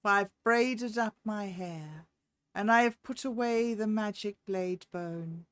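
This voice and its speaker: A woman voicing a wise, scornful cave-dwelling wife who speaks loudly and firmly. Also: medium pitch, takes it slowly, smooth, no room sound. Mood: dismissive.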